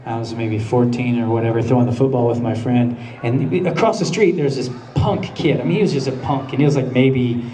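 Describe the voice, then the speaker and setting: A mellow, medium-pitched man speaks briskly with few pauses, sharing stories and answering questions as the guest voice actor on a convention panel. He stays laid-back and laughs often. A distant handheld camera captures the echo of the big hall, along with audience murmurs and laughter.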